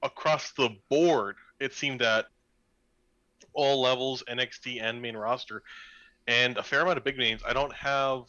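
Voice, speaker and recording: A man's voice: mid-range voice, steady tone, unhurried, sharp tone, muffled recording. A young adult man from the American South co-hosting a casual wrestling podcast, chatty, laughing easily and swearing casually. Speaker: podcast co-host.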